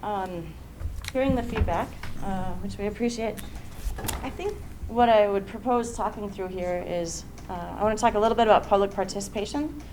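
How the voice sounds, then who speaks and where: A woman on city planning staff, walking a commission through a plan in a measured, explanatory way with some fillers. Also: medium pitch. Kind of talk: public meeting presentation. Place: city council chamber. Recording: noisy meeting room recording.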